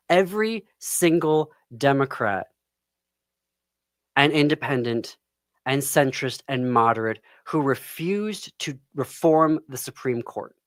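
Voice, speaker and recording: A man hosting a podcast, ranting with anger about politics, breaking off with sighs and pauses. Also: a little high, fairly bright tone, dry recording, studio quality. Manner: angry, pauses and sighs, near tears. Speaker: podcast host. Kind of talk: impassioned political commentary. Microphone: close studio microphone.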